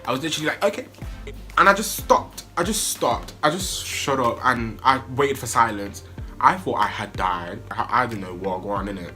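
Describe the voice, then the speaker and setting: A young man, telling a wild story in an excitable, animated way that jumps into high yelps. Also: normal speed, faint music behind. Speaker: vlogger. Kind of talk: storytime vlog.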